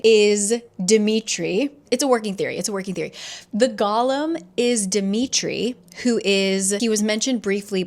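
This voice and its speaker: A young woman talks through a thriller she is reading in a casual vlog. She is chatty, fills her talk with "like", and slips into the characters' lines as she retells the plot. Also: medium pitch. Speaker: book vlogger.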